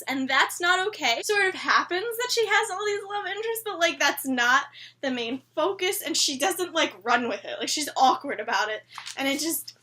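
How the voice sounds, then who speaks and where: Very high, animated young-sounding woman. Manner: animated and opinionated, peppered with "like". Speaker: TV episode reviewer. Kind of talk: casual fan recap chat.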